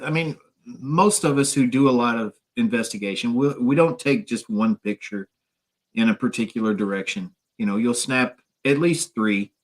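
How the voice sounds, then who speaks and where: Appearing as a guest on a paranormal radio show, a man with a Midwestern American accent chats casually in a mid-range voice. He rambles, with plenty of fillers and restarts.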